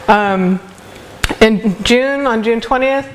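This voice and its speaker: A woman giving a university seminar lecture, speaking thoughtfully and hesitantly with many filler pauses. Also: on the high side, a little hiss or hum. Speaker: academic speaker. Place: seminar room.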